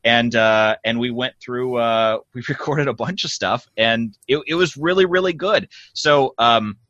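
A man's voice: mid-range voice, measured pace, a bit bright, no room sound, highs cut off. A man hosting a casual behind-the-scenes chat, rambling with restarts and quoted asides. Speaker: podcast host.

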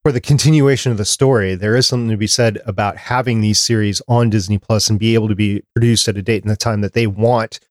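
A man hosting a podcast in casual chat, reading out listener tweets and polls with animated reactions. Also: fairly low pitch, fast talker, hardly any pauses, no echo, clean studio sound. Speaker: podcast host.

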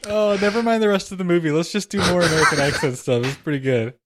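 A man's voice: a little high, quick pace, heavy background noise. A man co-hosting a casual podcast, making teasing jokes. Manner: joking, teasing. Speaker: podcast co-host.

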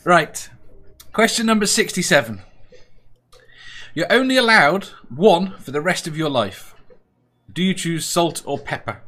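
Giggly quiz host, husky, voice bouncing all over. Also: medium pitch, big pitch swings, unhurried, long pauses, a bit bright. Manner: giggly, teasing. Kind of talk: casual hosting on a group call.

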